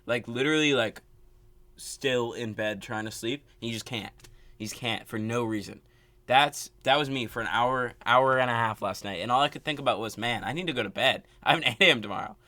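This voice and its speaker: A young man telling a casual storytime rant, animated and exasperated, full of filler words. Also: medium pitch, brisk, no echo. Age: young adult. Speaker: vlogger.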